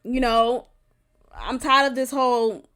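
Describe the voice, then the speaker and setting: Bright, high-voiced woman venting bluntly. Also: slow, clean tone. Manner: blunt, profane, laughs often. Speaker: podcast host. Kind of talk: casual venting monologue.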